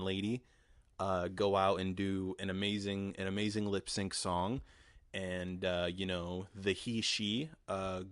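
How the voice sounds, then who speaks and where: A man's voice: low-pitched, no echo. A young man in his twenties rambling through a casual story, heavy on fillers and swearing. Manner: rambling, profane, lots of fillers. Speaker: podcast host.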